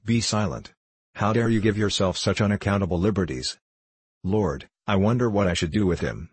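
A man's voice: fairly low pitch, moderate pace, husky, dry recording. A man reading a bullying old-time squire. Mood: scolding. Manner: domineering, scolding. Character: blustering bullying country squire, male, middle-aged. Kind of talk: audiobook character reading.

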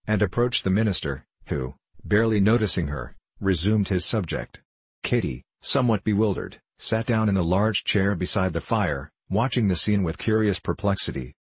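A man narrates an old-fashioned story in steady, even storytelling. His voice is very deep and husky. The recording is dry and close, with no room sound. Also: dry recording. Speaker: audiobook narrator. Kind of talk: scripted narration.

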